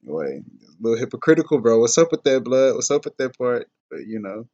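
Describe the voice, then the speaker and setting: A man from Dallas giving reaction commentary on a clip, measured and explanatory, with fillers and self-corrections. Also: medium pitch, big pitch swings, a little mellow, muffled recording. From Dallas, Texas. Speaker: rapper reacting to a video.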